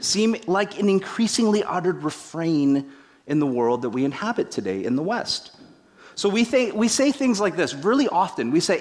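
A middle-aged man delivers a sermon in a fairly high voice. He tells stories animatedly, acting out what people said. He pokes gentle fun at himself along the way. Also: moderate pace. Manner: animated storytelling with acted-out quotes; self-deprecating humor. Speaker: pastor.

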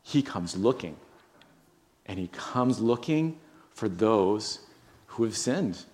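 A male pastor with a somewhat low voice preaches in an earnest tone. He leans on repetition and keeps checking in with his listeners. Later he leads them in prayer. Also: animated, slow, a little mellow. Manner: earnest, repetitive emphasis, frequent "right?". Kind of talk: sermon and closing prayer.

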